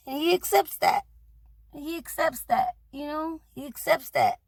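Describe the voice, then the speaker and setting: A woman's voice: sits high, sing-song, a little slow, vocal fry, no room sound. A woman in a casual spoken monologue, relaying a departed man's message in a loose, blunt way, swearing freely and saying "you know" often. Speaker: messenger relaying words from a departed man.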